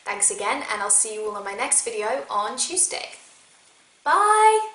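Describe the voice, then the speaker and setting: A woman gaming vlogger talking casually to her viewers, chatty and quick to poke fun at herself. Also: medium pitch, sharp tone, reverberant. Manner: chatty and self-mocking. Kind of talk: casual video commentary.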